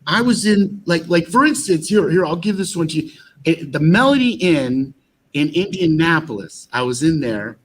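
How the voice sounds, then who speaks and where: A man's voice: a little high, very animated, moderate pace, husky, rough recording. A man telling stories in an interview, rambling with fillers and restarts. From United States. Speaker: actor and musician guest. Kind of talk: animated storytelling in an interview.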